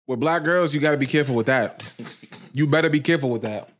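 A man's voice: on the high side, quick pace, slight background noise. A man co-hosting a podcast, talking bluntly and casually, often laughing. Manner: animated, laughing, blunt opinions. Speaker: podcast co-host. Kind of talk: casual crude chat.

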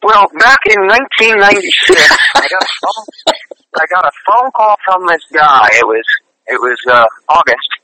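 A man's voice: sits high, expressive, moderate pace, heavy background noise. A man guesting on an interview, a singer who tells his stories in an earnest, chatty way. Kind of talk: casual interview storytelling.

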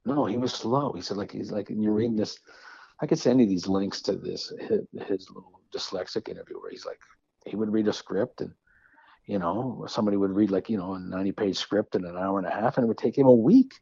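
A man, a musician guest, talking casually in an interview, rambling with halting restarts and self-deprecating asides. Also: on the low side, vocal fry, mellow, slightly rough, dry recording, dull audio.

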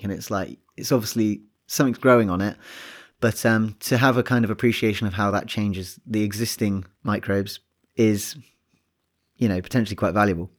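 Relaxed man chatting about science. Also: lowish voice, fairly quick. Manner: relaxed, thinking aloud with restarts and fillers. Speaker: podcast co-host. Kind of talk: casual science chat.

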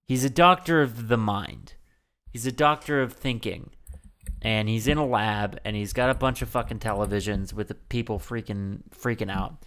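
A man with a smooth, resonant voice co-hosts a casual podcast about a bad movie. He rambles, jokes and laughs easily as he recaps the plot. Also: lowish voice, moderate pace, a bit bright. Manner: joking, rambling, laughs often. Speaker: podcast co-host. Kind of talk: casual movie-review chat.

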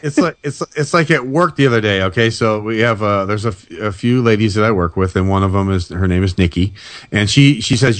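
A man's voice: fairly low pitch, fast talker, dry recording. A man chatting casually about paranormal experiences and telling anecdotes, acting out the people he quotes. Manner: storytelling, animated quoting of others. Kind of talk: casual chat.

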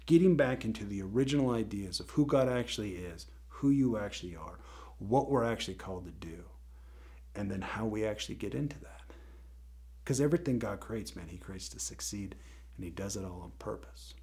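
A man's voice: lowish voice, expressive, fairly quick, warm tone. A man hosting a faith-based teaching show gives a motivational talk in a conversational, emphatic way, often checking in with his listeners.

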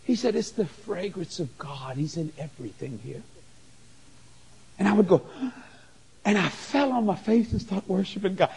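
A man preaches with a high, husky voice that leaps up and down as he tells his story. He stammers and exclaims in excitement. The sound rings with the long reverb of a large hall. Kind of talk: sermon testimony.

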